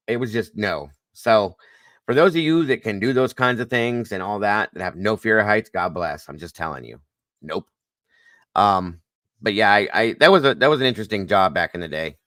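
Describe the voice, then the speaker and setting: A man hosts a casual live stream and tells his stories with animation and a bit of mild swearing. His voice sits low but comes across bright and forceful. The sound is dry and close. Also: dry recording. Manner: animated storytelling, swears lightly.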